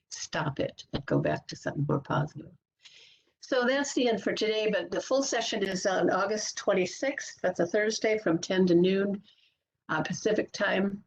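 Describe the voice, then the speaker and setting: A woman positivity coach giving a lively webinar talk from a computer mic, acting out everyday self-talk. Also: fairly low pitch, vocal fry, slight background noise. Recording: muffled lo-fi webinar audio.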